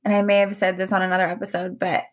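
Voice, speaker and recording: A woman's voice: mid-range voice, flat delivery, very fast. A woman co-hosting a podcast, chatting candidly with lots of fillers and trailing thoughts. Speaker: podcast co-host. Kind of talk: casual chat.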